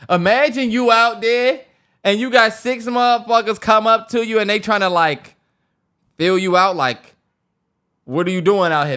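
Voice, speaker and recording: Animated man co-hosting a casual podcast. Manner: animated storyteller, voice jumps high when acting out stories. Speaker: podcast co-host. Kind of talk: casual chat.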